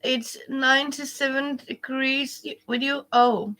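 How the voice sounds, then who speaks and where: A woman hosting a casual home craft livestream, chatting with viewers in a rambling way with many restarts and soft whispered asides. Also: sits high, fairly even intonation, takes it slowly. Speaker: quilting livestream host. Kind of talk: casual live chat with viewers. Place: indoors at home, living room.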